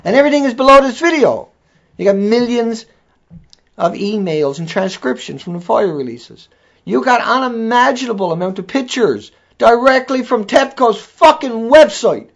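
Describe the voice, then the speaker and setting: Male vlogger, high voice, furious profane tirade, dull lo-fi sound. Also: expressive, normal speed, gravelly. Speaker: video blogger. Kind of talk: angry ranting monologue. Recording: dull lo-fi recording.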